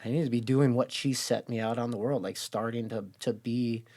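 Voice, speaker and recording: A man, a podcast guest, telling a personal story in an earnest, hushed way. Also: medium pitch, normal speed. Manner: earnest, hushed storytelling with lively quoted voices. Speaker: podcast guest, gym owner.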